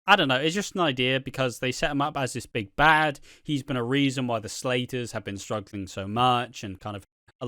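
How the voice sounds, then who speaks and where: Man, casual chat, rambling, swears a lot, smooth clear voice, dry close sound. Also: mid-range voice, sharp tone, no echo. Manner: rambling, swears freely, acts out quotes. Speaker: soap opera commentator.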